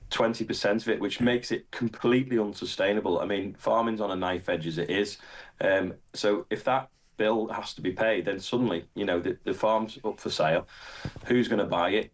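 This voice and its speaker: Brief: British male farmer, fairly low voice, frustrated and halting, casual guest talk. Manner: exasperated, halting, with frequent restarts. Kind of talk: casual interview conversation.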